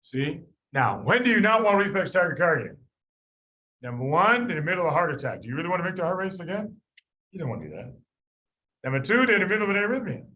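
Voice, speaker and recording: A man lecturing a room of medical students, firing questions at them and answering them himself. His voice sits a little high and swings widely, jumping up for emphasis and then dropping low and soft for an aside. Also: poor audio. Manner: animated, quizzes students, quick asides with sudden quiet drops. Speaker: medical board review lecturer. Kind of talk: live classroom lecture.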